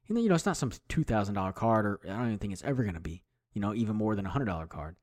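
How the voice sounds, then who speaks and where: A man's voice: fairly low pitch, sing-song, rapid-fire, hardly any pauses, darkish tone. A man hosting a solo hobby podcast, talking in a chatty, rambling way with plenty of fillers and restarts. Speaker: podcast host. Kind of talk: casual solo podcast talk.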